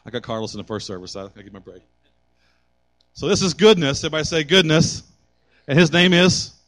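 A man's voice: on the high side, very animated, fast talker, fairly bright tone. A middle-aged man preaching a sermon with call and response, building to impassioned exhortation. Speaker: pastor.

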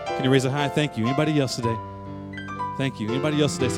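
A man's voice: medium pitch, steady tone, very fast. A male pastor giving an earnest sermon and altar call, pleading with listeners. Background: faint music.

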